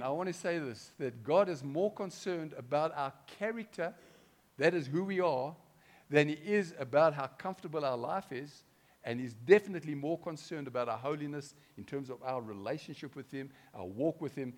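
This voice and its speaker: Man, pastor mid-sermon, slightly high voice, punchy swings from loud to hushed, quizzes the flock. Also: expressive, normal speed. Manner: dynamic, swings between loud and hushed, keeps asking the congregation questions. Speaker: preacher.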